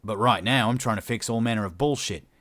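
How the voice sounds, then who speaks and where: A man's voice: lowish voice, fast, a bit bright, no echo, lightly acted. A man voicing a cocky, menacing human male salvager who talks casually, swears and keeps saying "mate". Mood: contemptuous.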